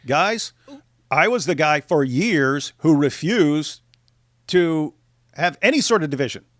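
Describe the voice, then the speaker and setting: Male streamer host, mid-high voice, very animated and mocking, dry close sound. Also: takes it slowly, no echo. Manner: animated, mocking, mimics critics in shrill voices. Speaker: livestream host. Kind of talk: casual livestream chat.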